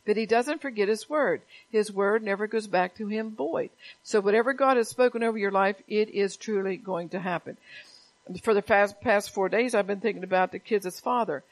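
Woman preacher, mid-pitched voice, plain talky sermon delivery in a church, repeats phrases. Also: moderate pace, low-quality recording. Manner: plain conversational preaching with repetitions. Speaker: pastor.

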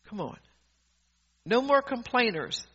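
A woman's voice: on the high side, sing-song, takes it slowly, a bit bright, breathy edge. A woman preacher giving a fervent, emphatic sermon, often laughing mid-sentence and restarting her sentences. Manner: rambling with frequent restarts. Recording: dull lo-fi recording.

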